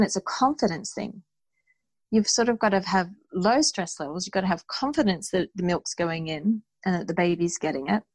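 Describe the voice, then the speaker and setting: A woman speaking as an interview guest, telling her story in an earnest, animated way. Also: medium pitch, no echo, poor audio. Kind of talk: conversational interview.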